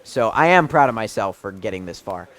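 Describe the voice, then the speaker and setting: Young American guy, guest on a gaming chat show, easygoing talk that jumps to loud shouts at the screen. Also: lowish voice, fairly quick. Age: young adult. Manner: bursts into excited shouting at the game. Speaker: celebrity guest. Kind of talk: casual chat while playing a video game.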